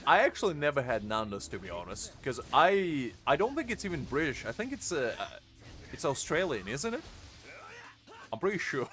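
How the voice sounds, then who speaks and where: A man's voice: a little high, big pitch swings, normal speed, pushed and bright, faint music behind. Joking young man streaming a game. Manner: joking, rambling, answers chat by name. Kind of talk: casual live-stream chat.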